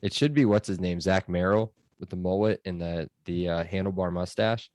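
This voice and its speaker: A man with a very low voice hosts a casual sports podcast. He talks in a chatty, loose way with plenty of fillers. The sound is dry and close. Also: moderate pace, a little mellow, no room sound. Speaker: podcast host.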